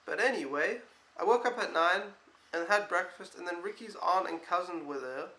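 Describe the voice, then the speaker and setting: A man's voice: high voice, moderate pace, sharp tone. A young man who is an au pair, giving a casual vlog recap in a blunt, exasperated way and swearing freely. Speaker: au pair vlogger. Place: indoor room in a home. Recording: roomy echo.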